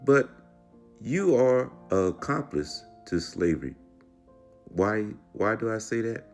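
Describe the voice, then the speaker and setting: A man's voice: lowish voice, big pitch swings, slow, faint music behind. A man giving reaction commentary in a preachy, lecturing way.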